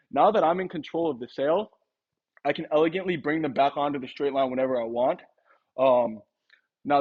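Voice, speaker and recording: Brief: young male sales trainer, fast and casual, slightly high voice, dull lo-fi sound. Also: husky. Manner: casual, quick, acts out little sample dialogues. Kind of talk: instructional talk.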